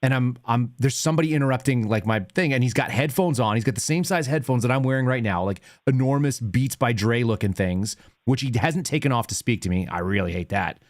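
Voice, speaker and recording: Male host in his thirties, mid-pitched, ranting casually over a dry close mic. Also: fairly quick, few pauses, dry recording. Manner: ranting, animated storytelling. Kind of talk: casual call-in show chat.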